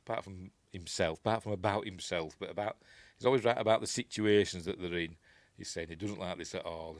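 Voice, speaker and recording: A man's voice: low-pitched, no echo. A man with a Yorkshire accent hosting a casual film commentary, rambling and chuckling as he corrects himself. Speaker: host.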